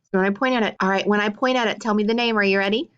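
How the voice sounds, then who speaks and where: A woman's voice: mid-range voice, fairly even intonation, fairly bright tone, clear, resonant tone. Encouraging woman teacher, dull lo-fi sound. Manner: encouraging, coaching kids with questions and praise; draws out words slowly for syllable clapping. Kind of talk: phonics lesson for young children.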